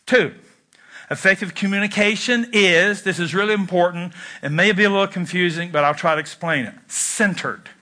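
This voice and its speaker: A man's voice: high-pitched, moderate pace, sharp tone. A middle-aged man preaching a sermon in a conversational way, with self-deprecating humor. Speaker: pastor.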